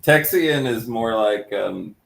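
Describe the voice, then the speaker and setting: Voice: medium pitch, expressive, takes it slowly, creaky, roomy sound. A co-host in casual chat, giving short agreeing replies and small asides.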